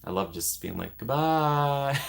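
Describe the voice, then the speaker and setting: Young male vlogger, casual and rambling, low pitch but bright tone, quick to laugh at himself. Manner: rambling, self-deprecating, laughs often. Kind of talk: casual chat.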